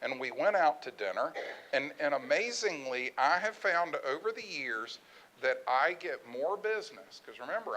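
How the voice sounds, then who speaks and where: A middle-aged man speaking at a presentation about his research business, telling lively anecdotes and acting out what others said. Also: fairly high pitch, poor audio. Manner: animated storyteller, acts out quoted voices. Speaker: conference speaker, research firm owner.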